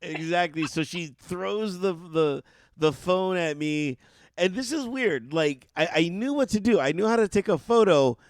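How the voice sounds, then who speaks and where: A man telling a story in casual podcast chat, animated and swearing freely. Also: high voice, a little slow, dry recording. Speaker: podcast co-host.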